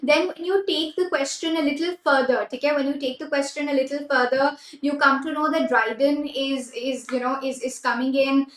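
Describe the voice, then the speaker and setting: A woman with an Indian English accent leads a live online class in a high, bright voice. She switches freely between Hindi and English, repeats her key phrases and cheers students on by name. The room gives her voice a roomy echo. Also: fairly even intonation, fairly quick, few pauses. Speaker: exam prep teacher.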